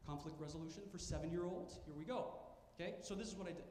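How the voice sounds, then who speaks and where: High-voiced pastor preaching in an echoey hall. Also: male voice, fast, darkish tone, slight background noise. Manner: storytelling, emphatic repetition. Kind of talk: sermon. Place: church sanctuary. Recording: echoey church hall with faint ambience.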